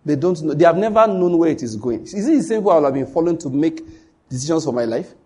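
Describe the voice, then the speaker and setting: A Nigerian man preaching in church, his voice husky and pitched a little high. He drives each point home by repeating it and speaks straight to the congregation. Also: very animated, fast talker, a little mellow. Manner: emphatic, repetitive preaching that addresses the congregation directly. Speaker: pastor. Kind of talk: sermon.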